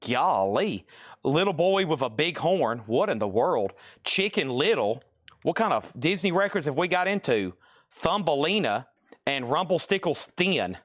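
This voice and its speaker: A man with a Southern Tennessee accent hosting a live-stream record sale, calling out prices briskly with joking asides. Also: fairly high pitch, fairly bright tone, dry recording, clean studio sound.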